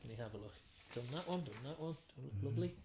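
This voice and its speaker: A man's voice: mid-range voice, animated, very fast, warm tone, slight background noise. A man with a Liverpool accent, a singer-songwriter chatting casually between songs and laughing as he tells stories.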